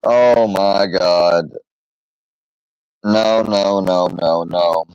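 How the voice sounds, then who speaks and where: A man hosting his own channel, rambling defensively with many fillers and pauses as he rants casually. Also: deep voice, a little mellow, clean tone, no room sound. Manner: rambling, halting, full of fillers; defensive, irritated. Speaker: channel host. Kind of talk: rambling casual vlog rant. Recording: dull lo-fi close recording.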